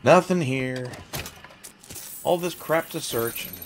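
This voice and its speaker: A man's voice: mid-range voice, slow pace. A man giving casual, sarcastic commentary while playing a video game. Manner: sarcastic, joking asides. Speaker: let's play gamer. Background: game music.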